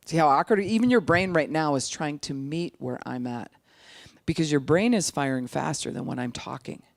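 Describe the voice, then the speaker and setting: Older speaker, recovery outreach talk, animated, middle-pitched voice, dry close recording. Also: gravelly, dry recording. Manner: animated, acts out quoted voices, sometimes slows speech right down to demonstrate. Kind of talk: informal teaching talk.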